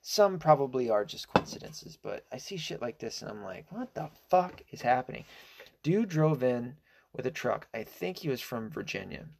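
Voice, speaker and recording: A man's voice: medium pitch, sing-song, normal speed, creaky, darkish tone. A man giving a casual, indignant opinion monologue, rambling and hesitant with many fillers, restarts and swearing. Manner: profane and indignant. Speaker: political commentator.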